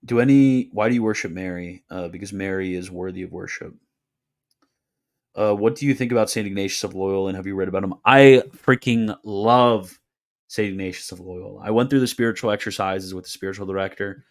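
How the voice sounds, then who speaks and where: A young man hosting a livestream, casually answering chat questions with offhand, deadpan replies and quick jokes. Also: low voice.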